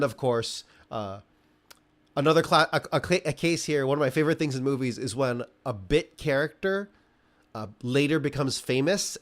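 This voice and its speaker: A man chatting about a film on a podcast, eager and loose, tripping over restarts as his thoughts race ahead. His voice sits at an ordinary middle pitch. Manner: enthusiastic, rambling with many restarts. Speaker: podcast co-host. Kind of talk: casual film review chat.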